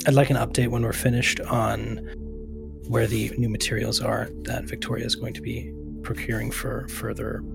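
A man's voice: fairly low pitch, vocal fry. A man playing a polite, businesslike character in a tabletop game. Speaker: player. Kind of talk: tabletop role-play in character.

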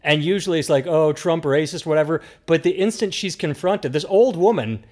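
A man's voice: a little high, expressive, fairly quick, a little mellow. A man hosting a podcast, recounting a story in a wry, insistent way. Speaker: podcast host. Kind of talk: casual chat.

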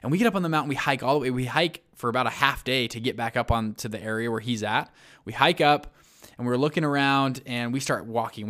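A man telling a story in a casual interview, lively, with lots of fillers and restarts and acted-out quotes. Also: medium pitch. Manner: animated, many fillers and restarts, acts out quotes. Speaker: guest recounting a search-and-rescue story.

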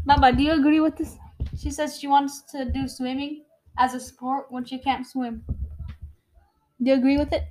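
A woman's voice: high voice, level tone, a little slow, long pauses, mellow, a little hiss or hum, rough recording. A woman hosting a casual family chat, asking questions in a teasing, giggly way.

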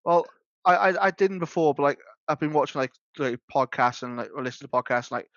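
A man whose voice leans high and a bit bright talks at a quick pace as a podcast co-host. His casual talk rambles with many fillers and false starts. The recording is dry with no echo, sounding dull and slightly lo-fi.

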